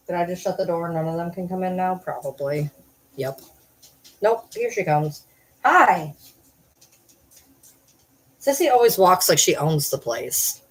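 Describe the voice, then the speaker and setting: A woman vlogging casually at home at night, chatting to the camera and calling and scolding her dogs in a high sing-song. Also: normal speed, a little mellow, a little hiss or hum, poor audio.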